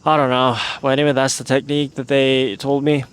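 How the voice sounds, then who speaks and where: A man's voice: mid-range voice, level tone, brisk, clean tone. A young man hosting a casual solo podcast outdoors in the evening, rambling and unsure as he thinks aloud. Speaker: podcast host.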